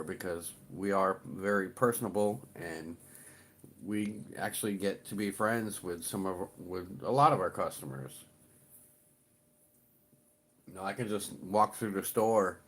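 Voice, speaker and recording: A man's voice: lowish voice, fairly even intonation, a little slow. A middle-aged man chatting casually on his livestream, rambling and swearing a little as he greets viewers. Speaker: livestream host.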